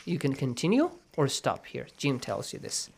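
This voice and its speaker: A man's voice: mid-range voice, wildly swooping pitch, moderate pace, creaky, darkish tone, breathy edge. Man, tajweed teacher, patient, step by step, asks "yes?" often. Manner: patient, step-by-step explaining, checks understanding with "yes?". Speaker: Quran recitation teacher. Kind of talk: radio Quran lesson.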